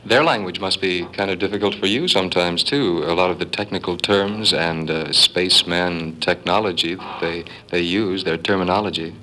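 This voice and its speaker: Deep-voiced male reporter, crisp bright timbre, friendly questions. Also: normal speed, few pauses, rough recording. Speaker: interviewer. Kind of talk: broadcast interview.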